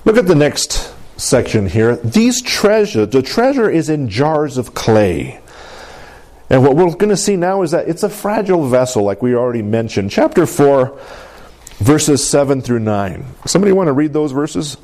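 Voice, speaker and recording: A man preaching a sermon in an animated call-and-response manner, often asking for an amen and laughing. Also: on the high side, moderate pace. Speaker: pastor.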